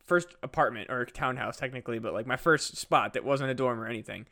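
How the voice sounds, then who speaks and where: A man's voice: medium pitch, a little fast, creaky, sharp tone. A young man, a podcast co-host, telling a casual story with lots of fillers and swearing. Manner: rambling, profane, many fillers.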